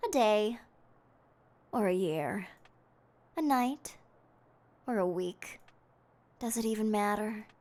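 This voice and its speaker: A woman voicing an eerie, slightly unhinged game villager who speaks slowly and cryptically. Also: medium pitch, lively intonation, darkish tone. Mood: cryptic.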